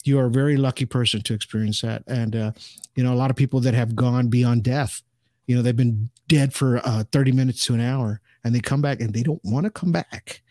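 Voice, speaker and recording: A man's voice: mid-range voice, fairly even intonation, brisk, warm tone, dry recording. Rambling man, dry close sound. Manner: rambling, many restarts and "you know". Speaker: podcast guest, ufologist. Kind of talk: casual interview talk.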